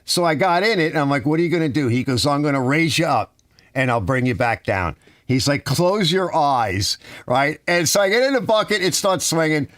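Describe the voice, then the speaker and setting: A man's voice: a little high, expressive, a little fast, fairly bright tone, dry recording, clean studio sound. A middle-aged man hosting a casual live stream, reading chat comments aloud and telling long rambling stories with lots of "you know" and "right?".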